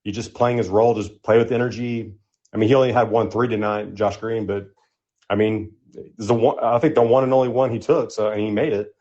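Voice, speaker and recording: Man, caller, fairly low voice, dull lo-fi call audio, loose fan talk. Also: steady tone, fairly quick, mellow. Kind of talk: casual call-in chat.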